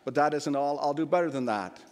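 A man's voice: fairly high pitch, brisk, pitched above the performer's own voice, close to an everyday voice. A man voicing a boastful male turtle king who barks orders, read aloud as a storybook in a reverberant church. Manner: shouting, bragging, imperious.

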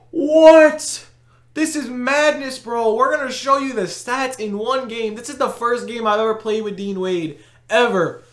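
A man giving live commentary over his own basketball video game play, slangy and hyped, breaking into shouts of disbelief. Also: very high voice. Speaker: gaming YouTuber. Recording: echoey room.

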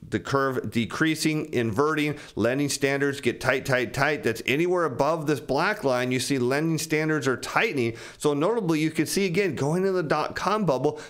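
A man giving casual financial commentary as he walks through charts, explaining them to viewers he calls his friends and acting out what bankers and borrowers would say. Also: mid-range voice. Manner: acts out bankers and borrowers in quoted asides.

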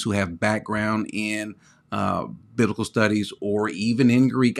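Man, bible teacher, emphatic online preaching, teasing and repetitive, medium-pitched voice.

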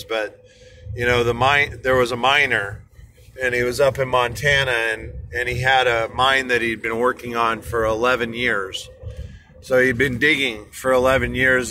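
Bright-voiced man talking while driving. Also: mid-range voice, slight background noise. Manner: rambling, many fillers and restarts. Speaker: inspirational speaker. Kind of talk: motivational vlog storytelling. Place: car in rush hour traffic.

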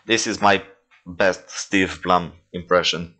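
A man's voice: low voice, steady tone, takes it slowly, bright, forceful tone. A young man who is not a native English speaker, casually commenting on his own toy movies, rambling with many fillers and self-corrections.

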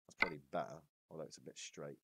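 A man's voice: a bass voice, fast. A man casually chatting to viewers while streaming a truck driving game, swearing freely. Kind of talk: live-stream gameplay chat. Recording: loud game engine noise behind.

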